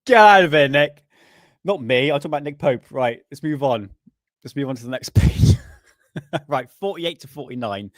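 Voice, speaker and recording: A man's voice: mid-range voice, no echo, clean studio sound. A middle-aged British man hosting a casual livestream, reading aloud from an old magazine in a rambling, joking way with crude asides and chuckles. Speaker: livestream host.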